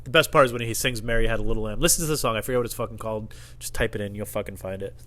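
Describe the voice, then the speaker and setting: A man's voice: fairly low pitch, very fast, fairly bright tone. A man hosting a podcast in a casual comedic monologue, rambling, swearing a lot and laughing at his own stories. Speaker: podcast host.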